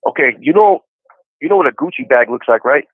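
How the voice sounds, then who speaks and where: A man's voice: medium pitch, animated, brisk, no echo. A man in his forties calling in to a podcast, chatting casually and telling his story in an easygoing way with lots of "you know". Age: 40s. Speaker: incarcerated caller on a podcast. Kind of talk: casual phone chat. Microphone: phone handset. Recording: tinny prison phone line.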